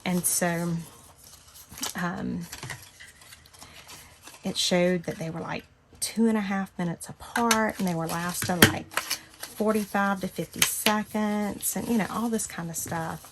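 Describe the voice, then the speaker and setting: A woman's voice: on the low side, unhurried, long pauses, background noise. A woman, telling a long personal story in casual chat as a crafting channel host. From Southern United States. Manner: chatty, animated when quoting herself.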